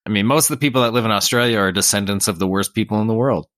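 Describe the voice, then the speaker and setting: A man's voice: fairly low pitch, rapid-fire, fairly bright tone, dry recording, studio quality. A young man co-hosting a podcast in casual comedic chat, riffing and slipping into mock characters. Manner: jokey, slips into mock officials and characters. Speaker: podcast co-host.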